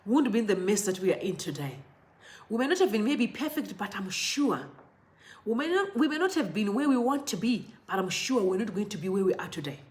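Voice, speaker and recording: A woman from Zimbabwe, hosting impassioned political commentary and speaking directly to her viewers with emphatic repetition. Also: mid-range voice.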